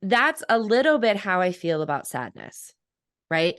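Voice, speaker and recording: A woman's voice: mid-range voice, big pitch swings, unhurried, a bit bright. A woman in her thirties, a coach and author, talking reflectively in a podcast interview and laughing often.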